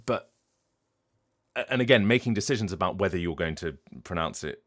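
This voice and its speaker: Low-voiced man musing on a livestream. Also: expressive, a little fast, fairly bright tone. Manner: thoughtful, explaining at length with frequent restarts. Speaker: voice actor and streamer. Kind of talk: casual livestream talk.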